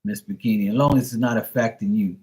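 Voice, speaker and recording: A man's voice: fairly low pitch, fast, darkish tone, husky. A man from Bermuda, chatting casually on his livestream and telling stories, swearing freely and imitating how his friends talk. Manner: storytelling, profane, mimics friends' slang. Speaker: live tarot reader and streamer.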